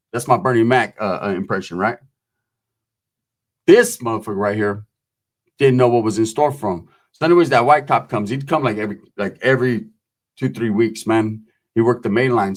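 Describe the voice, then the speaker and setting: A man telling prison stories in casual, profane street talk, acting out the voices of the people in them. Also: lowish voice. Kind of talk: casual storytelling.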